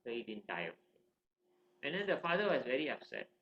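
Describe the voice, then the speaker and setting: Bright-voiced man telling a class story. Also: mid-range voice, fairly quick. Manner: animated, conversational, asks the listeners questions. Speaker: teacher. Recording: roomy, slightly dull recording.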